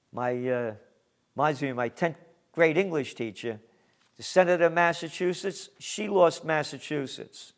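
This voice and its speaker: A man's voice: fairly high pitch, expressive, unhurried. Sarcastic man reading news commentary. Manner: sarcastic and emphatic, mocking asides. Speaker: trend forecaster hosting a news commentary.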